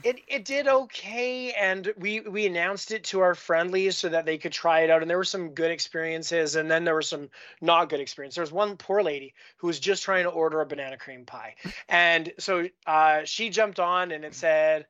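This podcast guest from Canada tells loose, casual stories about his job, often restarting sentences and leaning on filler words. He talks at a normal speed in a higher-than-average male voice with a fairly bright tone. The audio has a lo-fi quality.

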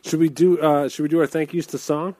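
A man's voice: on the high side, steady tone, fairly quick, dark tone, dry recording. A man co-hosting a podcast, making sarcastic jokes and wordplay in loose banter. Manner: joking, sarcastic. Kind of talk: casual banter.

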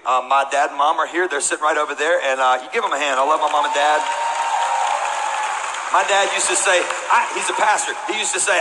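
A man's voice: fairly high pitch, in a large hall, heavy background noise. A man in his forties with a Texan accent, a pastor telling playful, joking stories to his congregation from the stage of a large church auditorium. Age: 40s. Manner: storytelling, playful and joking with the crowd. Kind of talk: sermon.

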